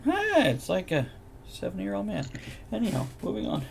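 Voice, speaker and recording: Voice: medium pitch, huge pitch swings, normal speed, vocal fry, a little hiss or hum. A co-host on a casual live chat show, teasing and cracking jokes. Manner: teasing, jokey interjections. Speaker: podcast co-host.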